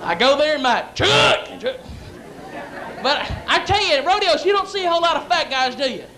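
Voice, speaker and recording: A man's voice: extremely high pitch, sing-song, moderate pace, bright, forceful tone, a faint crowd, a little hiss or hum. A young man, telling brash, rowdy stories as a stand-up comedian and MC on a comedy club stage. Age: young adult.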